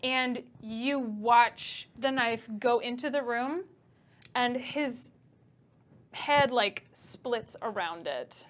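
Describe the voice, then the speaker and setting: A woman's voice: fairly high pitch, very slow. A young adult woman narrating a tabletop game as game master, chatty and casual with many fillers.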